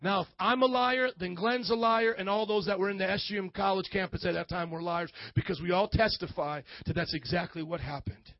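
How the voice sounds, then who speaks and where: A man preaching a lively, playful sermon as a pastor, dropping in frequent amens. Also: high voice, a little fast, hardly any pauses, no room sound, highs cut off.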